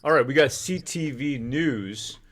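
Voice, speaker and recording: A man's voice: mid-range voice, measured pace, a bit bright. A man hosting a live stream, chatting casually in a rambling, joking way. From Canada. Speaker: livestream host. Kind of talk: casual livestream chat.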